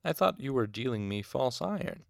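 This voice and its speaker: A man's voice: medium pitch, sing-song, normal speed, vocal fry, no echo, voice pushed up. A man reading a dry, sullen young student. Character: dry-humored dark-haired male student.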